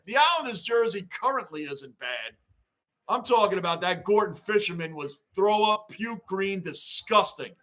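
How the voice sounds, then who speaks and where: Excitable bright-voiced male livestream host. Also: high voice. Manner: excitable, repeats himself for emphasis. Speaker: livestream host reading fan chat. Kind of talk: casual livestream chat. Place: home basement.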